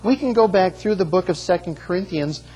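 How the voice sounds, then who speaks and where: Husky-voiced preacher in a reverberant hall. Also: male voice, sits high, animated, brisk, mellow. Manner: earnest preaching with rhetorical questions and restarts. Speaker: pastor. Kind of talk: sermon. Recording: long reverb of a large hall.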